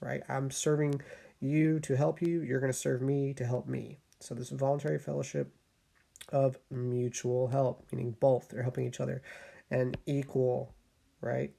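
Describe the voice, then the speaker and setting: Male teacher, relaxed explanatory lesson, warm dark tone, keeps checking in. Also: mid-range voice, gravelly. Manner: explanatory, often checks in with "right?". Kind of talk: casual recorded lesson.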